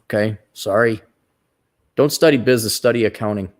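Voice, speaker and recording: Blunt opinionated American livestream host. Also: male voice, fairly low pitch, fairly quick. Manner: blunt, opinionated, rambling with restarts. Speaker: podcast host reading viewer donations. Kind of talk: casual livestream chat.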